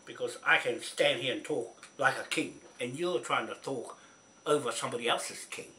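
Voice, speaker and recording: A man's voice: medium pitch, moderate pace, sharp tone, a little hiss or hum. A man delivering an angry, confrontational rant straight to camera, scolding and repeating himself. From New Zealand. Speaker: vlogger.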